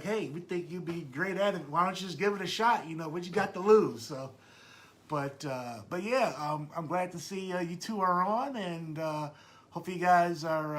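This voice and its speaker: A man's voice: high-pitched, fairly bright tone. A man hosting a live podcast, chatting casually and greeting his listeners by name. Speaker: podcast host.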